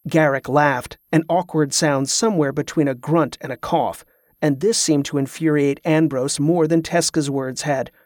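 A man narrating a novel as an audiobook, in a steady, even storytelling manner. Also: on the high side, moderate pace, dry recording, clean studio sound.

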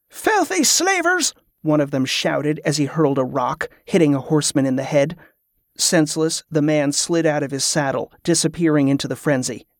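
Fairly high-voiced male audiobook narrator. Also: no echo, clean studio sound. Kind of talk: scripted fantasy narration.

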